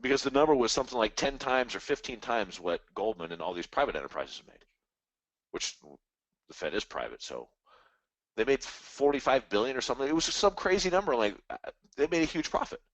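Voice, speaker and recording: A man's voice: medium pitch, big pitch swings, a little fast, fairly bright tone, dry recording. A man hosting a live trading stream, rambling casually and animatedly about markets and the economy, now and then mimicking other people's voices. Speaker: trading webinar host.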